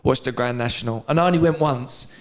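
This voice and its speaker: Laughing, sweary comedy podcast host. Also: male voice, mid-range voice, fairly quick. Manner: laughing, sweary, loose storytelling. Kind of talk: casual podcast chat.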